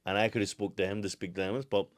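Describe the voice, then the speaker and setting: A young man with a Northern Irish accent, telling stories in casual podcast chat, swearing freely and laughing loudly. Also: lowish voice, flat delivery, quick pace, dry recording, clean studio sound. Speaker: podcast co-host, boxer.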